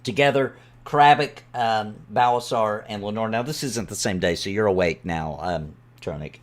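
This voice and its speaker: Casting: woman, very deep voice, relaxed game master. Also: normal speed. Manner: relaxed, laughing narration. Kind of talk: narrating a tabletop game.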